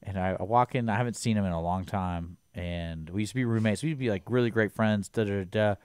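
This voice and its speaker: A man co-hosting a community radio talk show, chatting casually and teasing his partner with deadpan quips. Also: on the low side, quick pace, smooth, no room sound, clean studio sound. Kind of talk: casual chat.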